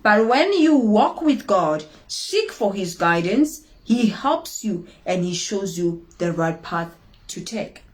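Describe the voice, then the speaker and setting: A woman's voice: medium pitch, very animated, slow. A woman hosting an inspirational talk, speaking with emphatic repetition and acting out dramatic quotes. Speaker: inspirational show host.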